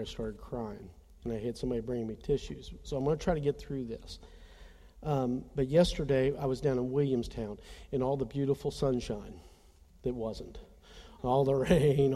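A man's voice: medium pitch, mellow, big-room sound. A man preaching a conversational sermon, telling a personal story earnestly and speaking straight to his congregation. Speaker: pastor.

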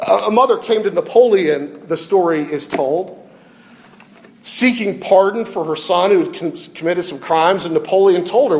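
A man's voice: high voice, normal speed, darkish tone, long reverb tail, slight background noise. A male pastor preaching a sermon emphatically, often repeating his questions and building to fervor.

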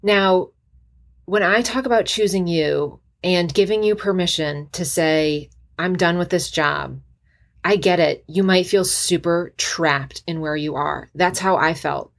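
Woman podcast host, middle-aged, fervent motivational talk, lowish pitch. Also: unhurried, gravelly. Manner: earnest, impassioned, emotional. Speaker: podcast host, physician assistant.

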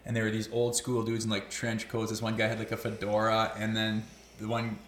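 A man's voice: on the low side, completely flat delivery, a little fast, fairly bright tone, roomy sound, a little hiss or hum. A man, a podcast guest, telling stories in loose, profane casual chat. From Canada (Olds, Alberta). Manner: loose and profane, swears constantly. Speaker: podcast guest, former hockey player.

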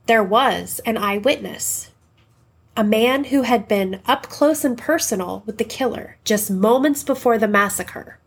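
A woman reporter giving scripted true-crime narration in a dramatic, measured way. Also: a little high, husky.

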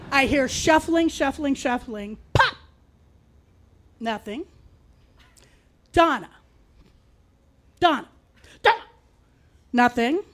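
A middle-aged woman telling a personal true story in a wry, confiding way, with dark humor. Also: high voice.

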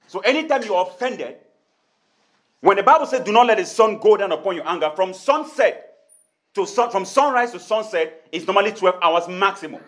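A man's voice: sits high, expressive, normal speed, a bit bright. A man preaching a sermon, repeating his points and acting out little dialogues. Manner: preaching with repetition and acted-out dialogue. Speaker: pastor.

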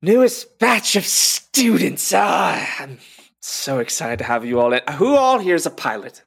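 A man's voice: medium pitch, lively intonation, slow. A man voicing a tall, muscular, confident woman who teaches flying, speaking eagerly in formal phrases. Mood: excited.

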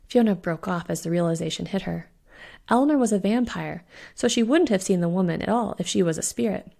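A woman who hosts a podcast, narrating her own spooky short story in a measured, suspenseful way. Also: medium pitch, gravelly, a little mellow. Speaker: podcast host and author reading her story. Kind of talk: audiobook narration.

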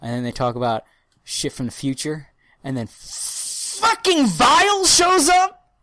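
A woman co-hosting a podcast, telling stories with excitable, profane energy and acting out scenes in little voices. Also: medium pitch, a little slow, no echo. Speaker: podcast co-host. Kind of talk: casual chat, animated storytelling.

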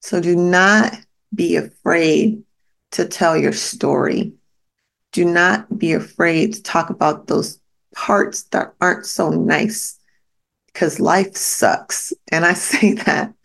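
Gravelly-voiced woman giving a blunt pep talk. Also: fairly low pitch, slow pace. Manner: emphatic repetition to the listener. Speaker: podcast host. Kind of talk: motivational podcast monologue.

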